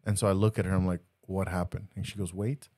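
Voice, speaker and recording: A man's voice: sits low, flat delivery, very fast, warm tone. A man co-hosting a podcast, chatting casually and telling jokey stories with many restarts. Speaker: podcast co-host. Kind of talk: casual chat.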